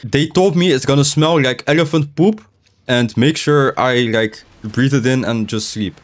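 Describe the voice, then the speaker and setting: A man's voice: mid-range voice, measured pace. Rambling young man gaming, speech slightly unclear. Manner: rambling, frequent restarts and filler words. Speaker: gaming streamer. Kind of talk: casual gameplay commentary. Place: his room, seated in a chair.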